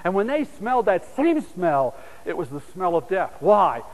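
Delivering a storytelling sermon at normal speed, this preacher has a fairly high, sing-song voice. He shifts dramatically between loud, urgent appeals and quiet, soft asides, his words echoing with long reverb as if in a big church hall.

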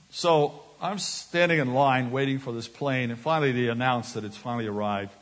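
A man preaching a sermon from a stage, telling personal stories and acting out other people's voices. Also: medium pitch. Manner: animated, acts out voices in anecdotes. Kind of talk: storytelling sermon. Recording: reverberant hall.

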